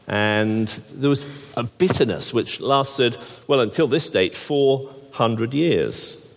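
A man's voice: medium pitch, slow, vocal fry. A man preaching a sermon, with wry, jokey asides and frequent restarts. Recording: long hall reverb.

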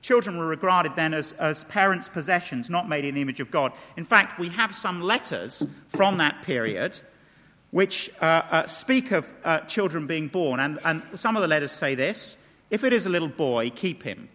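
A man's voice: a little high, lively intonation, normal speed, sharp tone. A man preaching a sermon, emphatic, asking rhetorical questions and reading passages aloud. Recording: long reverb of a large hall.

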